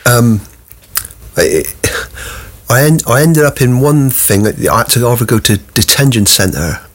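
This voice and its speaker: A man telling his life story as a guest, with halting restarts. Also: mid-range voice, animated. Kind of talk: personal testimony.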